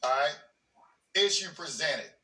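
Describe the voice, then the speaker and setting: The host of a legal commentary channel reads a legal memorandum aloud, breaking off for plainspoken explanations and repeating words when he restarts. His fairly high voice is very bright, edged and animated, at a measured pace. He sits away from the mic, and the sound echoes around the room.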